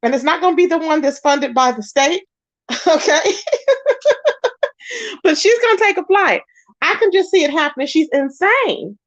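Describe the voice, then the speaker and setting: A woman doing casual gossip commentary in a sassy, animated way, greeting her chat viewers. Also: high voice, moderate pace, pauses often, no room sound, muffled recording. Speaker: commentary vlogger.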